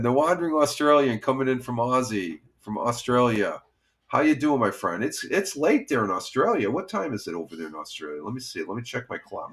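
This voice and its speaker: A middle-aged man with a cold, hosting a casual morning live stream from home, rambling with lots of fillers and small laughs. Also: mid-range voice. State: has a cold. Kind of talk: casual chat reading viewer comments. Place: home, by a window.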